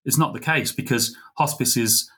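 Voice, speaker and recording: A middle-aged man, a podcast guest, telling a heartfelt story in an earnest, halting way. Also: medium pitch, sharp tone, breathy edge. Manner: earnest, halting, full of fillers and restarts. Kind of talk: conversational storytelling.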